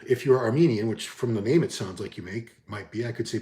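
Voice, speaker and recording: A man's voice: fairly low pitch, fast talker, hardly any pauses, dark tone. A man chatting casually about his bodybuilding past and reading out viewer comments, candid and self-deprecating, often trailing off and restarting. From Boston area. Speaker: bodybuilding vlogger. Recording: echoey room.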